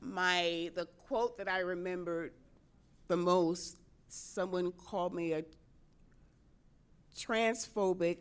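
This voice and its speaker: A middle-aged woman, a state senator, telling a personal story to a convention audience, animated, often laughing and acting out what people said. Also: fairly low pitch, slow, pauses often, clear, resonant tone.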